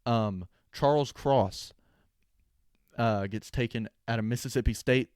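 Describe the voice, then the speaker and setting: A man's voice: medium pitch, a little slow, darkish tone, clear, resonant tone, dry recording, studio quality. A young man hosting a sports podcast, talking casually with sarcastic, opinionated jokes. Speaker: podcast host.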